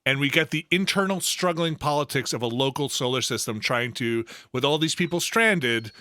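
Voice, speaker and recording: A man's voice: mid-range voice, normal speed, no echo, clean studio sound. Laughing man riffing on a podcast. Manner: laughs often, animated riffing. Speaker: podcast co-host. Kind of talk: casual chat.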